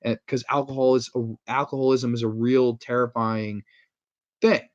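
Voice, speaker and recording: A man talks in a loose, casual way, swearing freely and sounding openly incredulous. His pitch sits in the middle range for a man. The recording is slightly dull and lo-fi. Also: fairly even intonation, normal speed. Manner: profane, blunt, incredulous. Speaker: podcast host reviewing horror episodes. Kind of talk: casual review chat.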